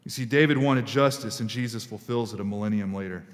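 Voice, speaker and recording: A male pastor preaching a sermon in a conversational, emphatic way, his pitch jumping up suddenly for stress. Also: fast. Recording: reverberant hall.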